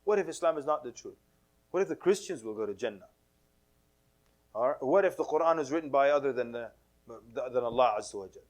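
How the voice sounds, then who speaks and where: A man's voice: medium pitch, lively intonation, fairly quick, pauses often. A man giving a casual sermon to a mosque audience, telling stories with humor, acting out quoted voices and mixing in Arabic religious phrases. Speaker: Islamic preacher.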